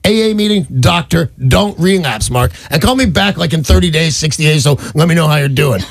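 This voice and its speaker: A man hosts a call-in advice segment on the radio, frank and blunt, calling his caller buddy. His voice sits a touch high with a gravelly fry. The studio mic is close and dry. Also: lively intonation, fairly quick, dry recording. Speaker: radio host giving advice. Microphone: studio microphone.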